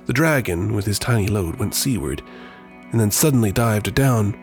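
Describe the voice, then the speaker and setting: A podcast host narrates from a script in a low, lively voice with a dry, playful touch. His pitch moves a lot through the phrases. Soft music plays underneath. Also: normal speed.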